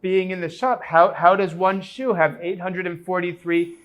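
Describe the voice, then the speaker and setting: A man's voice: high-pitched, little pitch movement, moderate pace, a bit bright, muffled recording. A man acting as a hesitant, apologetic talk-show host in an improv comedy scene. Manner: apologetic, hesitant, playing interviewer.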